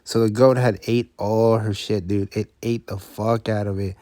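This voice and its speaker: A man with a fairly low, mellow voice recounts a wild tale in loose street slang, cursing freely. His delivery is relaxed and casual. The sound is close and dry with no room echo. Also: moderate pace. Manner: profane, laid-back street slang. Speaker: storyteller.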